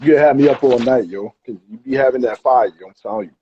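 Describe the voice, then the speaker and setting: A man's voice: mid-range voice, fast, warm tone, dull audio, a little hiss or hum. A man hosting a casual live interview, hyped and slangy, peppering his talk with "yo". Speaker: interview host. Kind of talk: casual livestream chat. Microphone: livestream.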